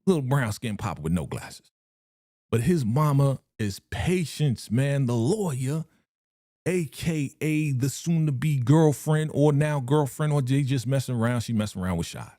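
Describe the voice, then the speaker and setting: A reaction streamer watches a TV episode live, his pitch swinging up and down as he gets worked up, using loose slang, laughing, and acting out the characters' lines. His voice is mellow and close, with lively intonation and an unhurried pace, on a dry recording.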